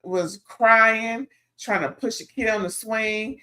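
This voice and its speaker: A woman's voice: fairly high pitch, slow pace. Woman, vlogger, gossipy recap, casual chat, sassy asides. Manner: chatty and sassy, with loud asides.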